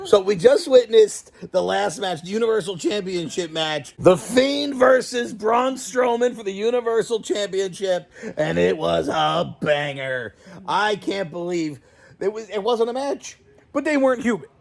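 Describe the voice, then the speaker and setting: A man hosting a casual reaction chat, excitable and profane, often laughing and breaking into shouts. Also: high-pitched, unhurried, vocal fry. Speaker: host of a toy and wrestling channel.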